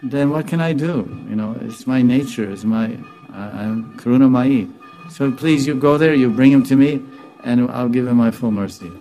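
A man telling a devotional story and voicing a compassionate, soft-hearted divine young woman who speaks tenderly and earnestly. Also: medium pitch, normal speed, soft background music, natural voice, poor audio.

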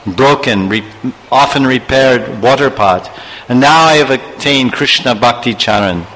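Preacher as a serene lord figure, bright, solemn, lifted tone. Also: male voice, medium pitch, measured pace, big-room sound, a little hiss or hum, natural voice, low-quality recording. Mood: exalted. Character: serene male divine lord, joyful.

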